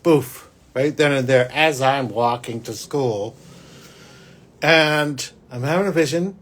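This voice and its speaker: A man, a psychic hosting his own show, telling a personal story in a rambling, restarting way that swings between loud and hushed. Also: mid-range voice, slow. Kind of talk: spiritual podcast monologue, personal storytelling.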